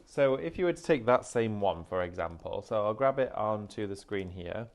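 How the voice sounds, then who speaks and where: A man's voice: lowish voice, animated, moderate pace. A man presenting a live craft demonstration, explaining each step in a chatty way. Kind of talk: live shopping craft demo.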